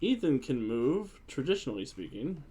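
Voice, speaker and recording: A man playing a tabletop game, excitable and playful, hamming it up. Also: medium pitch, moderate pace, slightly rough. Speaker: player. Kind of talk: casual tabletop play.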